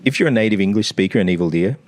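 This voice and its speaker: A man's voice: lowish voice, animated, very fast. An Australian man working as a language coach, explaining pronunciation and demonstrating sounds aloud in a teacherly way. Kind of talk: explanatory analysis.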